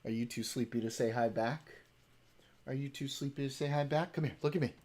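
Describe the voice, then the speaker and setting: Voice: mid-range voice, fairly quick, a little mellow. A livestreamer in casual chat, heavy on fillers, who slips into cooing baby talk with a pet.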